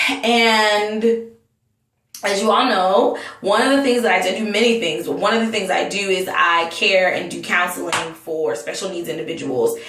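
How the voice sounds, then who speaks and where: A woman's voice: lowish voice, a bit bright, a little hiss or hum. A woman from North Carolina delivering an impassioned personal rant, earnest and emotional, often restarting her sentences. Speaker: vlogger and Sunday school teacher. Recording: roomy, distant mic.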